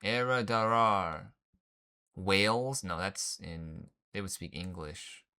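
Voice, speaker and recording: A man's voice: low voice, slow pace, bright, forceful tone. A man casually commenting while he plays a puzzle game, thinking aloud and muttering guesses in slangy talk. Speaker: gaming channel host. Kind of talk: casual let's-play commentary.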